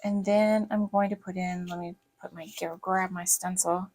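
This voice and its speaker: A woman's voice: on the low side, steady tone, moderate pace, a little mellow, a little hiss or hum, low-quality recording. A woman with a light Southern US accent, rambling in a chatty, casual way while she works on a planner. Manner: rambling, chatty, lots of fillers. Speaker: planner vlogger.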